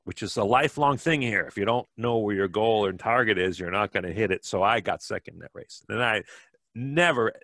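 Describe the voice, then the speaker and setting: Middle-aged Wisconsin man, podcast guest, low voice, dry close sound, rambling storyteller. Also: brisk, a bit bright, no echo. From Wisconsin, USA. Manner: rambling, many fillers and restarts. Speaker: podcast guest, bike fitter. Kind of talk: casual storytelling.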